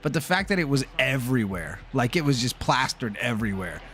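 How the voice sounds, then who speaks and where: A man streaming a football video game tells a fired-up story in casual chat, swearing freely as he rants. His medium-pitched voice moves fairly quickly, and there's slight background noise.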